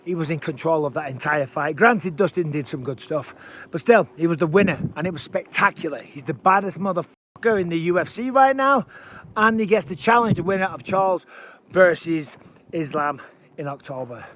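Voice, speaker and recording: A man giving casual, energetic fight commentary while walking outdoors, out of breath. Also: sits high, a little fast. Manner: energetic, chatty, emphatic. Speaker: MMA commentator. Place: outdoors by water at high elevation.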